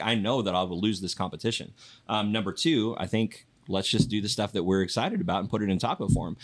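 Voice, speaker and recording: A man's voice: deep voice, no echo. A man who is a pastor, a guest from Yakima, telling stories in a casual podcast interview and laughing easily. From Yakima, Washington. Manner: animated storyteller, laughs easily.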